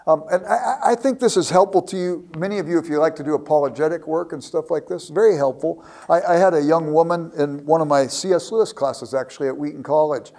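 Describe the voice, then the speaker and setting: A man's voice: a little high, quick pace, hardly any pauses, dark tone. A man giving a lecture, telling a classroom anecdote and often repeating words as he starts a thought. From United States. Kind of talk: storytelling lecture.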